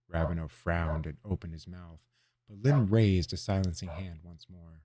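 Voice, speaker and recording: A man narrating a fantasy story aloud in a measured, expressive storytelling manner. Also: low-pitched, slightly rough. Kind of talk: audiobook reading of a fantasy story.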